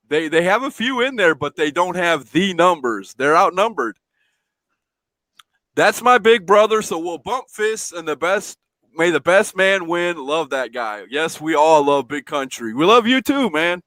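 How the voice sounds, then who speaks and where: A man's voice: high-pitched, fairly bright tone, dry recording. A man hosting a casual live stream from home, chatting, reading out viewer comments and laughing often. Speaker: show host.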